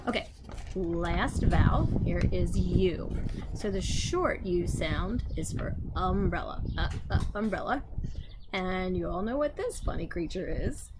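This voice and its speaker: A woman teacher slowly sounding out letters and reading aloud to young children outdoors. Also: fairly low pitch, lively intonation, very noisy. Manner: slow, patient, sounding out letters. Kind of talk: phonics lesson and read-aloud for young children.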